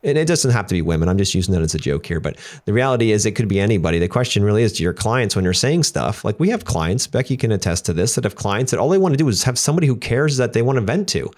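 A man's voice: fairly low pitch, big pitch swings, racing, hardly any pauses, darkish tone. A middle-aged man who runs a business, co-hosting a casual podcast and telling candid stories with acted-out quotes. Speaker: business owner and podcast co-host.

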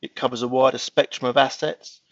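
A man's voice: mid-range voice, level tone, brisk, fairly bright tone, no room sound, muffled recording. A man on a finance panel discussion, rambling with frequent restarts.

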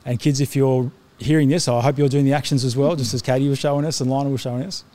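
A man's voice: medium pitch, fairly even intonation, quick pace, dark tone. A middle-aged man preaching a sermon to his congregation, earnest, often restarting his sentences with fillers. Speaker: pastor.

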